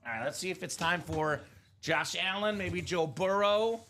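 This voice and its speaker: Over a little hiss or hum, a man with a high-sitting, sharp-toned voice at a moderate pace hosts a live card break. He chats enthusiastically about football players and hits in upbeat, banter-filled commentary.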